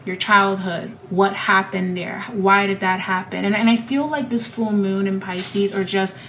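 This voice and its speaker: A woman's voice: medium pitch, fairly even intonation, a little slow, a bit bright, a little hiss or hum, poor audio. A woman giving a pick-a-card tarot reading, speaking straight to her viewers in an emotive, heartfelt way. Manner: emotive, direct address to viewers. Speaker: tarot reader.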